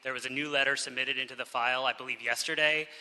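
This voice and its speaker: A man's voice: medium pitch, fairly even intonation, quick pace, bright, forceful tone, clear, resonant tone. A man speaking as an attorney for a property owner, making a fluent, formal request at a public hearing. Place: council chamber. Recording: echoey hall.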